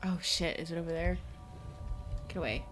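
A woman's voice: lowish voice, normal speed, a little hiss or hum. A woman commenting on a game as she plays it, jumpy and profane, breaking into laughter often. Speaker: let's play gamer. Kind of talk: live gameplay commentary.

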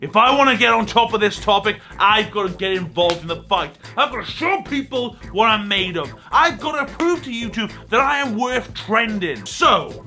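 A man in his twenties with a Welsh accent, vlogging from a hotel room, swinging from loud shouting to mumbled asides. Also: high voice. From Wales. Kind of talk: comedic vlog monologue.

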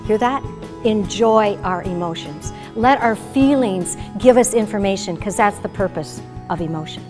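A middle-aged woman, founder of a self-care method, calmly guides listeners through exercises and tells stories with enthusiasm. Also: medium pitch, moderate pace, faint music behind. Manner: calm, guiding, enthusiastic. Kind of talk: guided instruction and storytelling.

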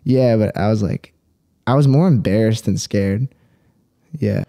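Low, mellow-voiced young man rambling. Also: a little slow, creaky. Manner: rambling, heavy on fillers, laughs often. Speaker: podcast guest. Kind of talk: casual podcast chat.

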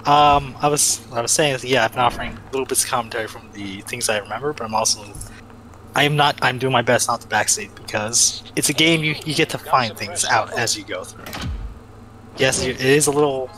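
Bright-voiced man giving commentary. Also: medium pitch, brisk, a little hiss or hum, rough recording. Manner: rambling, self-correcting. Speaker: stream co-commentator. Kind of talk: casual let's-play chat.

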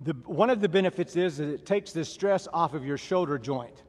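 A man's voice: on the high side, normal speed, hardly any pauses, darkish tone, big-room sound. A man with a Southern American accent leading a workout class, barking drill-style commands and counting repetitions. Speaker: fitness instructor. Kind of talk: workout instruction.

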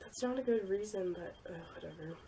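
A woman's voice: mid-range voice, fairly quick, vocal fry, warm tone, husky. Young woman rambling on camera, self-deprecating, giggly, medium voice. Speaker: YouTuber. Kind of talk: casual vlog commentary.

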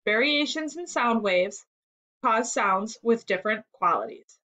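Woman reading as patient male musician, clear explaining, somewhat high voice. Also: animated, unhurried, sharp tone.

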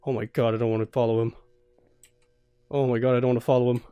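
A man's voice: medium pitch, flat delivery, fast, clear, resonant tone, dry recording, muffled recording, soft background music. A young man playing a horror game blind, jumpy and swearing, laughing nervously as he talks through the scares. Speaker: let's play host.

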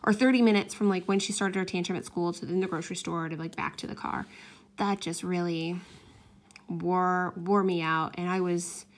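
A woman's voice: fairly low pitch, steady tone, moderate pace. A woman in her thirties casually telling a personal story while crafting, chatty, with restarts and acted-out quotes. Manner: chatty, many restarts and fillers, acts out her own quoted words. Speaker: craft vlogger and mother.

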